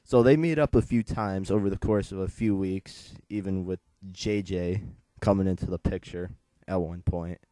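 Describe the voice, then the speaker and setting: Deep-voiced teenage comic reviewer. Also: male voice, steady tone, normal speed, hardly any pauses, warm tone, no room sound. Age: late teens. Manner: chatty and digressive, retelling the plot.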